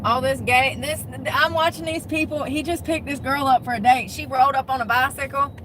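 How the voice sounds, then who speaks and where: A woman's voice: high-pitched, fairly even intonation, brisk, background noise. A woman live-streaming from her parked truck on her phone. She chats casually with her viewers, laughs often and greets them by name.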